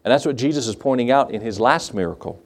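A man preaching a sermon in a conversational way, asking his listeners questions and acting out Bible scenes in quick voices. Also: mid-range voice, lively intonation. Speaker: pastor.

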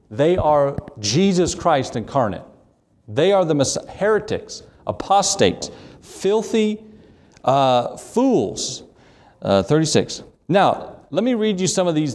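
A man's voice: on the high side, darkish tone. A man preaching a sermon in a church, reading scripture aloud and hammering his points with emphatic repetition. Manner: emphatic, repeats key phrases, reads scripture in old English.

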